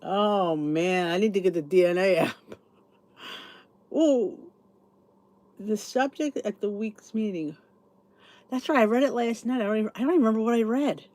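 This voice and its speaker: A woman's voice: mid-range voice, animated, moderate pace, pauses often, darkish tone, no echo. A middle-aged woman hosting a podcast, chatting in a rambling, sleepy way as she thinks aloud and answers comments. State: sleepy, yawning. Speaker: podcast host. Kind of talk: casual chat reading live comments.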